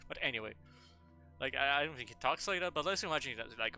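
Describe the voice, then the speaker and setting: A man chats loosely while streaming a game, rambling from thought to thought and swearing freely. His voice is bright and forceful at a middle pitch. Faint music plays underneath. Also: animated, fast talker, creaky, no echo. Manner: playful, swears a lot, rambling. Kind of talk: casual live-stream chat.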